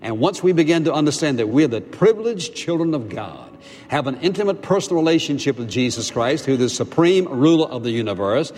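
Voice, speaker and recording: A man preaching a sermon as a pastor, emphatic, asking rhetorical questions and slowing down to stress key phrases. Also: a little high, sing-song, a little mellow. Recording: long hall reverb.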